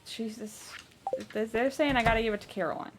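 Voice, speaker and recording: A woman's voice: on the high side, steady tone, a little fast, noisy background. A woman from New York in casual chat while playing a farming game, chatty and blunt with casual swearing. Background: game music.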